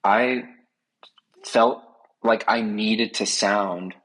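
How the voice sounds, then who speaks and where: A man's voice: fairly low pitch, steady tone, drawn-out words, fairly bright tone, low-quality recording. A man speaking as a podcast guest, talking earnestly and with many fillers in a casual conversation.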